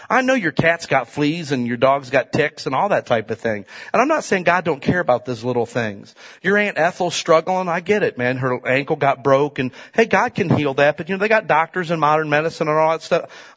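A man preaching a sermon in a conversational style, swinging from loud emphatic peaks to quiet asides and often turning to the congregation with "right?" and "man". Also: on the high side.

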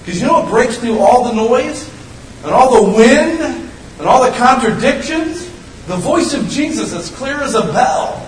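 A man in his fifties preaching a sermon as pastor, folksy and animated, with sudden shouted bursts. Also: very high-pitched, measured pace, slight background noise. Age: 50s. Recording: echoey room, voice from a distance.

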